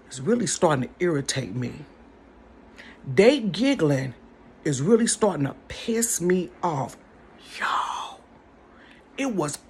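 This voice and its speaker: A woman telling a story in a casual storytime vlog from her bedroom, animated and chatty, talking straight to her viewers. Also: sits low, slow pace, breathy edge. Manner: animated, chatty, addresses the audience directly.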